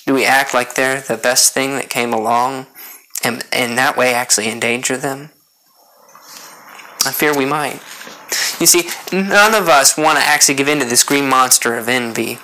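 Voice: medium pitch, normal speed, bright, forceful tone, rough recording. A preacher delivering a sermon, earnest, repeating key points and putting rhetorical questions to the congregation.

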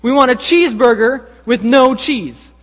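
A preacher doing shrill pushy teenage pranksters. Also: male voice, normal speed, a bit bright. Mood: insistent. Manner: shrill, pushy, mock-polite. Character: insistent teenage boys pranking a cashier. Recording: long hall reverb.

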